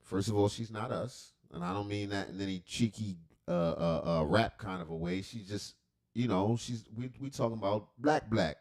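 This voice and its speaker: A man's voice: on the low side, normal speed, darkish tone. A man hosting a livestream reaction, talking in a rambling, profane, joking way with lots of asides. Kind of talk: casual reaction commentary.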